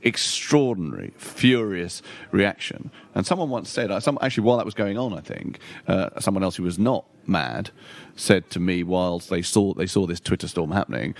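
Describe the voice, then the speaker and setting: A man's voice: low-pitched, expressive, normal speed, creaky, few pauses. A middle-aged man chatting as a podcast guest, rambling with restarts and casual swearing. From London. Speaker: guest comedian. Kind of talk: casual chat.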